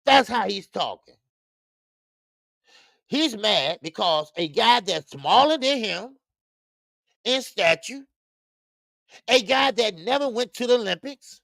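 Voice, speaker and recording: A man's voice: high-pitched, animated, slow, gravelly, long pauses, bright, forceful tone, dry recording, clean studio sound. A man hosting a casual boxing talk livestream, slangy and rambling, greeting chat viewers by name and stumbling into stammered restarts. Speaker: boxing show host. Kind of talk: casual live-stream talk.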